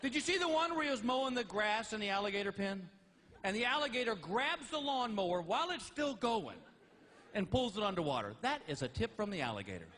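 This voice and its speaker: Male stand-up comic, very high voice, wildly lively delivery, shouted rants. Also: a little fast. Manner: animated storytelling with shouted outbursts. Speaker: stand-up comedian. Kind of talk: stand-up comedy. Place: stage before a live audience.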